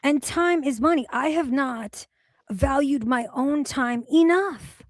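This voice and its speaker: A woman's voice: high voice, slow. A woman hosting a livestream, chatting casually and ranting sarcastically with plenty of swearing. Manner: profane, sarcastic rants. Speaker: streamer host.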